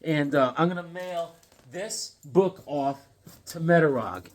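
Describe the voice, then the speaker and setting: A man's voice: on the high side, slow. A man in his fifties chatting casually to camera about comics he collects and pictures he drew, rambling and joking as he goes. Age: 50s. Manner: rambling, jokey, drops into silly voices. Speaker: comic collector and hobby artist.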